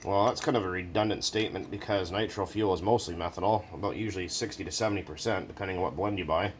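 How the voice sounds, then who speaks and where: A very deep-voiced man talks loosely at his workbench, joking and rambling with the odd swear. A faint hum of background noise sits under his voice. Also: fast. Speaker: hobbyist video maker. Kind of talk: casual workshop chat.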